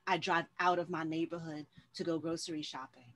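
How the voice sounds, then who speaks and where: Woman moderator, lower voice, chatty and conversational, lots of fillers. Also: flat delivery, a little fast. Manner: warm-hearted, chatty, many fillers and restarts. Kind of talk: casual conversational hosting.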